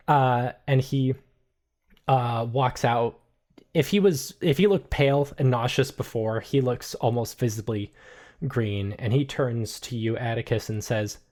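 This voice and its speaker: A man narrating a tabletop game as game master, unhurried and full of filler words. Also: medium pitch, a little mellow.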